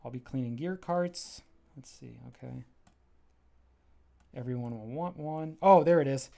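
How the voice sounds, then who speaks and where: A man's voice: medium pitch, a little slow, creaky, mellow. Chatty man walking through his story. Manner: enthusiastic, rambling and self-interrupting. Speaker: graphic novel creator on a livestream. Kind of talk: casual livestream walkthrough.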